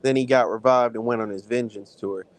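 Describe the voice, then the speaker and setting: A man co-hosting a film review chat, talking in an animated, profane, slang-heavy way. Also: medium pitch, brisk, poor audio. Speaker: podcast co-host reviewing films. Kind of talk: casual chat.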